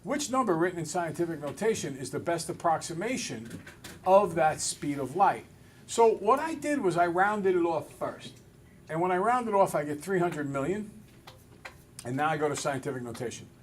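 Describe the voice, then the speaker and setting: A male math teacher in a classroom, relaxed and a little self-deprecating, talking through each step aloud. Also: a little high, normal speed, slight background noise. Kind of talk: classroom lesson. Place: school classroom with students.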